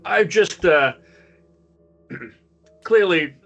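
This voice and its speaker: Brief: charming, insistent doctor with a German accent, high and lively, dull lo-fi sound, played by a man. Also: very slow, faint music behind, heavily acted. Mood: ingratiating. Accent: put-on German. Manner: smooth, insistent, steamrolls the conversation. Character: polite, charming, talkative male doctor.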